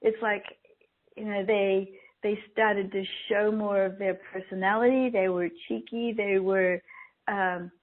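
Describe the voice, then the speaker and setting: A woman's voice: mid-range voice, steady tone, measured pace. A middle-aged woman, a guest on an interview show, telling stories in a chatty way and laughing often. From Australia. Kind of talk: casual storytelling interview. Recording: tinny phone line.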